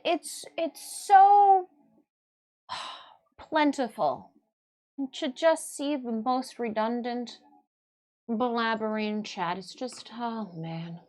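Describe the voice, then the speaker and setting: A young adult woman from Michigan, hosting her own livestream in casual, rambling chat, restarting her sentences and laughing often. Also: a little high. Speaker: livestreaming artist and host.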